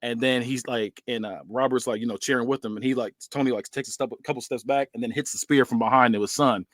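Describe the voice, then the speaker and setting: A man's voice: mid-range voice, steady tone, quick pace, no echo, clean studio sound. A man hosting a podcast, casually narrating a wrestling storyline play by play with plenty of "um"s. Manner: rambling, many "um"s and restarts. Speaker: podcast host presenting a fantasy booking.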